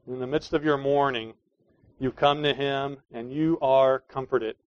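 A man preaching a sermon as pastor, earnest, moving between quiet pleading and emphatic declarations. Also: medium pitch, steady tone, unhurried, no echo. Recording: dry, dull lo-fi sound.

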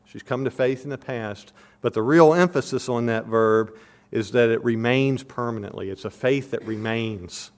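Guy preaching verse by verse, earnest and emphatic, stops to explain the words like a teacher, normal middle pitch. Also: clear, resonant tone. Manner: earnest, emphatic, repeats questions for stress. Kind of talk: expository sermon.

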